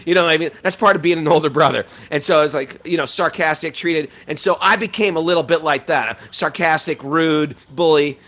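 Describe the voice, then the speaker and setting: A middle-aged man talking in a casual, animated way about spiritual life, laughing often as he tells stories. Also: a little high, a little fast, hardly any pauses. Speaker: podcast host.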